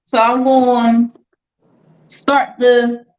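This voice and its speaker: A woman's voice: a little high, level tone, extremely slow, darkish tone. A woman hosting a casual online quiz show, playful and teasing with the players. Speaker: game show host.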